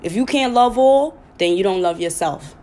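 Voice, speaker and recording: Speaking at a moderate pace in a warm, medium-pitched voice with lively intonation, a podcast host chats live with her audience. She's frank and foul-mouthed, swears freely, and breaks into laughter without warning.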